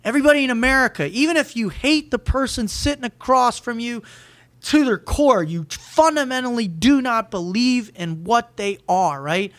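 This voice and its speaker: A man speaking as a motivational podcast guest, pouring emphasis into each thought and tripping over repeated words. His voice sits high and bright. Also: lively intonation, moderate pace. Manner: emphatic and fervent, often restarting words. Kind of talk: energetic podcast conversation.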